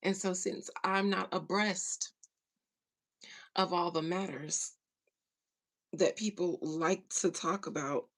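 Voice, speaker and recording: A woman hosting a casual spiritual livestream, greeting viewers by name and sometimes dropping into a soft whisper. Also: on the low side, steady tone. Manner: slow, drawling, breaks into soft whispers. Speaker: livestream host and spiritual medium.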